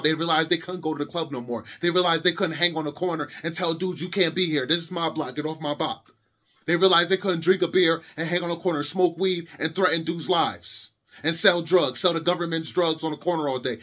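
A man's voice: fairly high pitch, fairly bright tone, slightly rough. A young adult man giving a heated monologue to camera, impassioned and repetitive, lecturing his viewers. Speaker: video commentator.

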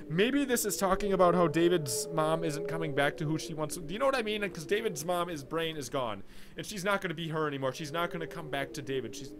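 A young man, reading game text and commenting, excitable and jokey. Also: on the high side, fast, noisy background. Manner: excitable, jokey, thinking aloud. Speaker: gameplay commentator.

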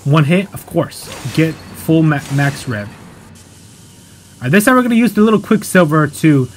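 Lively, foul-mouthed young gamer guy. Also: a little high, a little slow, slight background noise. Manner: swears a lot, flares into angry outbursts at the game; chatty, explaining as he plays. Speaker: gameplay commentator. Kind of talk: casual let's-play commentary. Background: game music.

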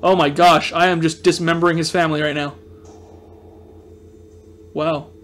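A young man giving casual let's play commentary, excitable and self-mocking, yelping and groaning at every shot. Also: fairly high pitch, normal speed. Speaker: gaming video host.

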